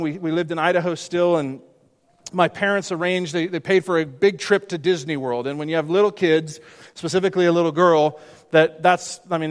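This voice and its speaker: Brief: male pastor mid-sermon, high-pitched, insistent repetition, long hall reverb. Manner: emphatic, repeats phrases, rhetorical questions.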